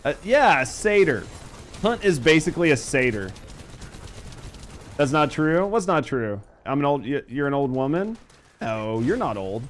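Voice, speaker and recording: A man's voice: on the high side, sing-song, unhurried, slight background noise. A man in his thirties streaming a game, joking and swearing as he chats with viewers. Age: 30s. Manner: profane, joking, reads chat aloud while playing. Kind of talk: casual gaming stream chat.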